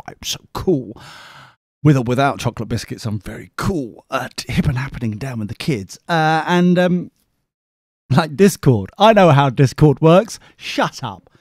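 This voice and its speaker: Chatty man, wildly varied pitch. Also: darkish tone, no room sound, studio quality. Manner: chatty, self-mocking, sarcastic asides to the listener. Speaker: podcast host. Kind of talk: rambling comic monologue.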